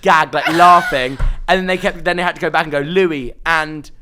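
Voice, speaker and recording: A man's voice: on the high side, fairly even intonation, normal speed, music in the background. A young man, a podcast guest, telling gossipy stories in casual chat and acting out other people's lines.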